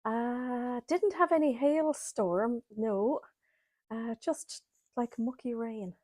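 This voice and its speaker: A woman's voice: fairly high pitch, slow pace, darkish tone, no echo. A woman with an Irish accent hosting a live sewing chat from home, greeting viewers by name and laughing often as she reads their comments. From Ireland. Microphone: laptop or webcam mic, camera angled up.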